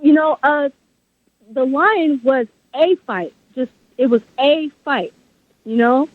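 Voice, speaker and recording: A woman's voice: high-pitched, takes it slowly, no room sound. A woman guest author in an interview, talking with passion and firm conviction. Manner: passionate, emphatic, faith-driven talk. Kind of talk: interview over a phone line. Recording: phone-line audio, dry.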